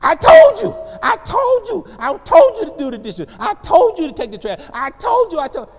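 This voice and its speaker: A man's voice: very high voice, sing-song, normal speed, long reverb tail, pitched above the performer's own voice, exaggerated voice. A man voicing a furious mother screaming at her child, repeating herself over and over. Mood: frantic yelling. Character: furious shrieking mother scolding her kid.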